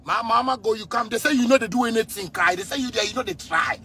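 A man in his thirties from Ghana with a Ghanaian Pidgin English accent, delivering an angry, repetitive rant with frequent shouting. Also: extremely high pitch, lively intonation, racing, creaky, hardly any pauses, slightly rough. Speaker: musician ranting on video.

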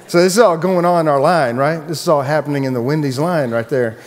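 A man, the pastor, preaching a sermon and telling a personal story in a relaxed, chatty way with frequent restarts. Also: a little high, fast talker, few pauses, long reverb tail. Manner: casual storytelling, many restarts.

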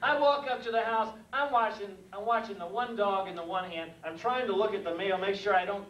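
A man's voice: high voice, fairly quick. A man in his sixties, a mailman, telling folksy comic stories on stage. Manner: folksy, animated, acts out the scenes. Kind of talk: stand-up comedy storytelling. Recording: echoey room heard from a distance with faint noise.

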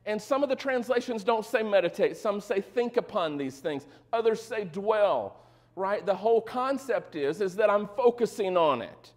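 A man with a high voice preaches to his congregation in an easy, conversational way. He mixes joking asides into the teaching and keeps checking that his listeners are following him. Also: animated, moderate pace, a little mellow. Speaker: pastor. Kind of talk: sermon.

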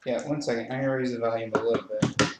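A man's voice: medium pitch, flat delivery, racing, heavy background noise. A man hosting a casual let's-play, chatty and laughing often, recorded indoors on a webcam microphone. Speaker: gaming channel host. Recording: roomy webcam mic audio.

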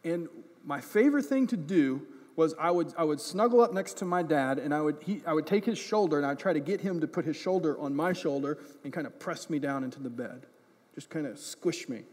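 A man's voice: fairly high pitch, lively intonation, a little fast, a little mellow. A man preaching a sermon as pastor, impassioned and earnest, often repeating words as he builds a point. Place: church. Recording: echoey church hall.

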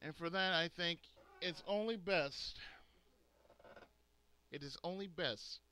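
A man's voice: high voice, slow, sharp tone, clean tone. A man hosting a gaming channel, ranting angrily and profanely to his subscribers, stressing words hard. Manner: angry, profane, emphatic ranting. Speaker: gaming video host. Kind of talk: angry rant to subscribers.

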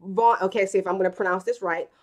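A woman in her thirties chats her way through a live stream. She tells family stories and acts out the quotes. Her voice sits at an everyday middle pitch. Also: steady tone, fast. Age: 30s. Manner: chatty, storytelling with acted quotes. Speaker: live-stream host reading chat. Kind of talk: casual live-stream chat.

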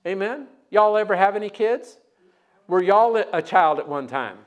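A man with a high, light voice preaches a sermon in a church. He tells stories and keeps calling the congregation to answer him back. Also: expressive, moderate pace, muffled recording. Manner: storytelling, call-and-response with congregation. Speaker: guest preacher. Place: church sanctuary.

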